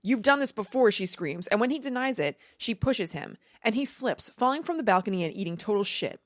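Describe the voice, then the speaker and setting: A woman's voice: mid-range voice, big pitch swings, brisk, no echo. A woman hosting a book-club podcast, summarizing a novel in a breezy, joking way with casual swearing. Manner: breezy, profane, summarizing with jokes. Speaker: podcast host.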